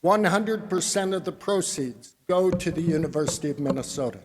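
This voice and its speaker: Guy giving a folksy grain marketing talk, kinda high voice, big echoey hall. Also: brisk, background noise. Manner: folksy and wry, addresses the audience as people. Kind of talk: conference presentation. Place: convention hall. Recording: long reverb of a large hall.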